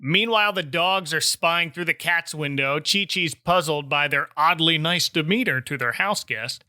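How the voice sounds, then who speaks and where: A podcast host recapping an old holiday special with wry asides. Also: male voice, fairly high pitch, moderate pace, pushed and bright, no room sound, soft background music. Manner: narrates plot with wry asides. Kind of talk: casual recap and chat.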